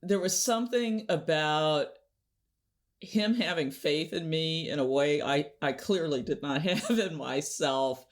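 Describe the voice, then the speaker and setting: A woman guest in an interview, telling stories in an animated way and laughing often. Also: low-pitched, a little slow. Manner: animated storyteller, laughs often, acts out quotes. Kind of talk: conversational interview storytelling.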